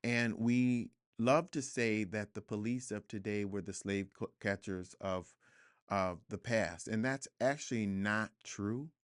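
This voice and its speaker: A man with a fairly low voice talks as a guest in a studio interview. He is reflective and earnest, and at times he builds to emphatic repetition. The tone is smooth and full, and the sound is dry and close. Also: unhurried, dry recording. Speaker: guest author. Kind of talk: podcast interview conversation.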